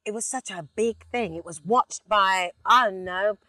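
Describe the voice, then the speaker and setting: A middle-aged London woman talks in a dry, close sound, inside a car. She tells her stories with animated energy and drops into short bursts of song mid-sentence. Her pitch sits in an ordinary middle range. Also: moderate pace, no room sound. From England. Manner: animated storyteller, sings snippets. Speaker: singer, interview guest. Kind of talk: relaxed casual chat.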